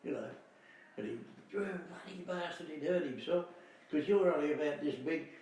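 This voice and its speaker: An older Australian man recalling family stories, halting and repeating himself, laughing often. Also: a little high, darkish tone. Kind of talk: casual reminiscing. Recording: distant mic in echoey room, faint hiss.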